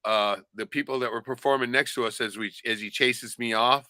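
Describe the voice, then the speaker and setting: A man's voice: medium pitch, steady tone, fairly quick, sharp tone, no room sound. A man on a casual podcast, rambling and swearing a lot, often tagging lines with "right?". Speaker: podcast co-host. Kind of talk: casual profane chat.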